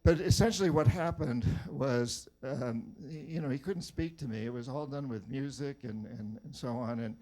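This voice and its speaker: An older man from New Hampshire tells wry, rambling anecdotes in a talk to a live audience. His voice sits at an ordinary middle pitch. He trips over and repeats words as he goes. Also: normal speed, hardly any pauses, warm tone. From New Hampshire, USA. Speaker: author giving a talk.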